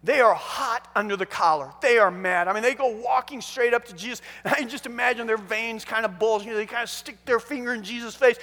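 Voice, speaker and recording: High, forceful preacher in a hall. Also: male voice, brisk, few pauses. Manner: animated storytelling, frequent restarts. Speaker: pastor. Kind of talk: sermon.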